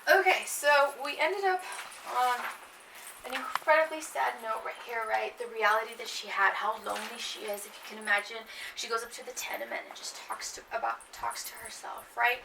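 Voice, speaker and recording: A woman teacher giving a classroom lecture, lively and emphatic, often checking in with her class. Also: a little high, brisk, vocal fry, noisy background. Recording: echoey room, mic far off.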